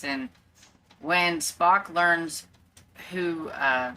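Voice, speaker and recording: Chatty woman with a low, bright voice. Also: steady tone, drawn-out words, slight background noise. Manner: rambling and chatty, with many fillers. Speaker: book vlogger. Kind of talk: casual chat. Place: at home.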